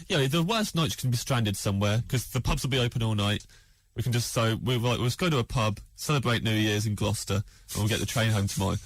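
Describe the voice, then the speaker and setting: A man with a mid-pitched voice tells an embarrassing story on a comedy podcast. He is deadpan and sheepish, and often trips over his own restarts. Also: dry recording. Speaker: comedian guest.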